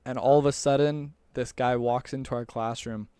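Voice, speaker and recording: A man's voice: medium pitch, steady tone, moderate pace, warm tone, clean tone, no room sound. Young man telling a rambling story. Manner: rambling, with frequent restarts and chuckles. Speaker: storyteller recalling a church mission. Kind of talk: casual storytelling.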